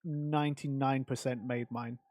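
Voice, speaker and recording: A man's voice: mid-range voice, steady tone, unhurried, a little mellow, dry recording. A male streamer chatting casually on a livestream, rambling and answering chat with lots of fillers.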